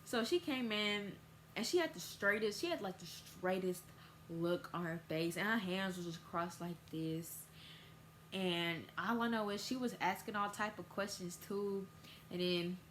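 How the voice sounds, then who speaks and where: A teenage girl telling a casual storytime vlog, acting out quoted voices. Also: a little hiss or hum. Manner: casual storytelling, acts out quoted voices with big pitch jumps. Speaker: vlogger.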